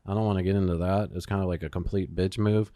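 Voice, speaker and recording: A man's voice: sits low, fairly even intonation, fast, mellow, no echo, studio quality. A man hosting a podcast, telling a story in casual chat, swearing often and using lots of fillers. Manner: profane storytelling, swears a lot, many fillers. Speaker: podcast host.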